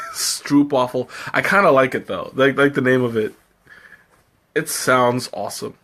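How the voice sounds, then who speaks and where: A man with a medium-pitched, fairly bright voice talks at a normal speed while hosting a live tea tasting. He chats casually with viewers, laughs often, and thinks aloud as he answers their comments on the stream.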